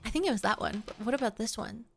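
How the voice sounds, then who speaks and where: A woman's voice: fairly high pitch, fast, creaky. A woman streamer chatting casually with her viewers, teasing them in a playful mock-domineering way and often giggling. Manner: frequent giggles. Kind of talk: casual livestream chat.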